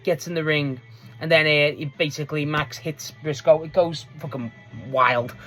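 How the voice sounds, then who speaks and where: Casual wrestling recap, rambling, excitable, swears a lot, frequent laughs, mid-pitched voice. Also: moderate pace, soft background music. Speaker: wrestling show reviewer.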